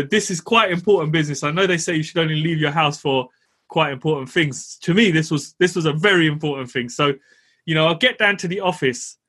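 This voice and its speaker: Husky-voiced man telling a story. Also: a little high. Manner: animated, laughs while telling, swears casually. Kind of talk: casual storytelling.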